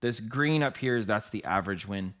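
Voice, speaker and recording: A man hosting a live trading stream, giving quick, rambling market commentary, correcting himself and talking straight to his viewers. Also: lowish voice, lively intonation, fairly bright tone. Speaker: livestream trading host.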